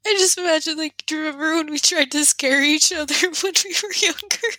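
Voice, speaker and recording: A young woman in her twenties chats casually with a friend, her bright voice breaking into giggles between phrases. Her voice sits a little high and sounds close and dry, with almost no room around it. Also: normal speed, no echo. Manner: giggly, laughs often while talking. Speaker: podcast co-host. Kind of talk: casual chat.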